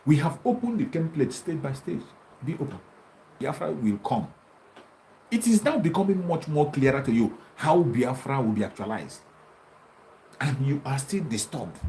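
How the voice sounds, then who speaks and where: A combative man delivers a taunting political monologue, his pitch leaping high and dropping low as he presses his points. His tone is dark and mellow. A faint hiss runs under the recording. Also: poor audio. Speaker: activist commentator.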